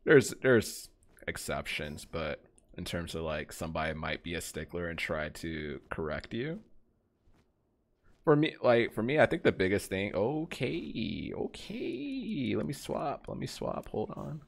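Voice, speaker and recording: A young man talks through a game stream in a relaxed, rambling way, reading out and greeting viewers by name. His voice sits low with a noticeable gravelly fry. He drifts from topic to topic in casual, unscripted chat. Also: moderate pace.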